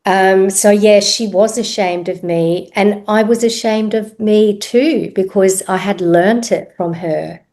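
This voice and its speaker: Middle-aged woman guest, slow and reflective, halting delivery. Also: mid-range voice, a little mellow. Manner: reflective, unhurried, pauses with ums. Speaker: podcast guest, therapist. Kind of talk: personal story in interview.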